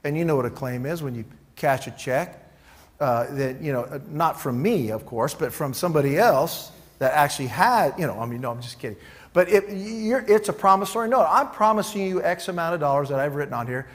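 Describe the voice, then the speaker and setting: A man's voice: fairly high pitch, expressive, a little fast. A middle-aged man preaching a conversational sermon, informal and joking, acting out prayers and Bible quotes in little voices. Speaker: pastor.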